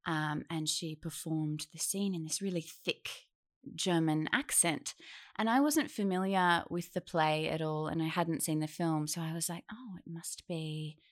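A young woman, a guest on a podcast, telling a lively anecdote in casual conversation and acting out the voices of the people in it. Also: sits low, moderate pace. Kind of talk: casual storytelling interview.

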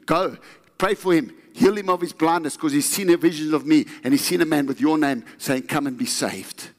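A man's voice: on the high side, fairly quick. A man preaching a sermon, emphatic and constantly asking the congregation questions. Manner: emphatic, addresses the crowd with frequent questions. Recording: echoey hall with long reverb.

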